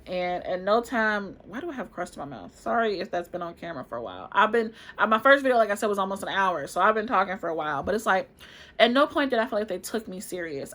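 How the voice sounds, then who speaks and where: A woman's voice: mid-range voice, fast. Chatty woman in her twenties vlogging. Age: 20s. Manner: chatty, expressive, addresses viewers as y'all. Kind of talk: casual storytelling to camera.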